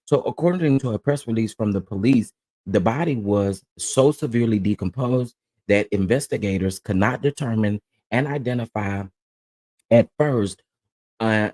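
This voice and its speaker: A man's voice: lowish voice, moderate pace, a little mellow. A man hosting a live-stream commentary, reading news reports with fillers and then ranting in casual slang. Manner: reads reports with fillers, then rants with rising heat; uses southern Black American slang like y'all, honey, child. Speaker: commentary host.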